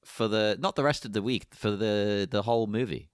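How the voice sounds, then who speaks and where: A man's voice: fairly low pitch, moderate pace, smooth, no room sound, clean studio sound. A man co-hosting a podcast in casual chat, opening with a playful announcer delivery. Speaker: podcast co-host.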